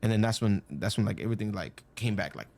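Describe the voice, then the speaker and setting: A man's voice: lowish voice, expressive, fast talker, vocal fry, noisy background. A young man telling a personal story casually, rambling with many fillers and acting out the quoted lines. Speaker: storyteller guest.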